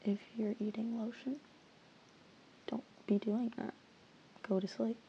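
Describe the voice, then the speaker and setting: A woman ASMR creator in a playful, teasing whispered role-play, mixing soft whispers with mock-stern asides. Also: fairly high pitch, level tone, unhurried, lo-fi sound, background noise.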